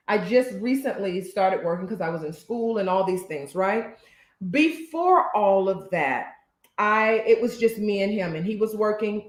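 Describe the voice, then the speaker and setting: A woman's voice: medium pitch, echoey room. A woman working as a therapist, co-hosting a casual couple's talk with her husband. She speaks earnestly and emphatically and stumbles a little as she picks her words. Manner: stutters a little, choosing words carefully. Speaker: therapist and social worker, co-host.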